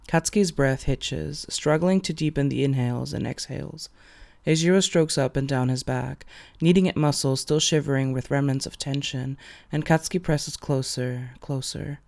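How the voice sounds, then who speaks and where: A man narrating fan fiction aloud in an expressive storytelling way. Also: mid-range voice, moderate pace, creaky.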